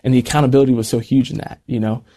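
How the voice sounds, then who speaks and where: A young man as an interview guest, telling his story in quick, animated casual talk with plenty of slang. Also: mid-range voice. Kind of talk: casual conversation.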